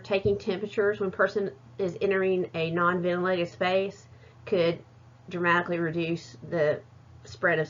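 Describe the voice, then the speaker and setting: A woman giving a recorded class presentation, hesitant and full of fillers and restarts. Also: on the low side. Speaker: student presenter. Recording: muffled lo-fi recording.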